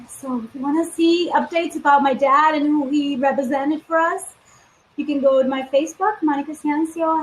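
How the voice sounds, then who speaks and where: A woman's voice: high-pitched, a little hiss or hum, poor audio. A woman from Venezuela talking openly and emotionally on a live stream, tearful at times. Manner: emotional, open and heartfelt, with warm laughter. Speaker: fitness vlogger. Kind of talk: live-streamed personal talk.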